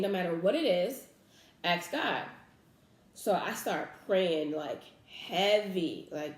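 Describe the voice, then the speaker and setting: A woman's voice: fairly low pitch, measured pace, echoey room. A young woman vlogger telling a personal faith story in casual talk, earnest and emotional, full of fillers and restarts.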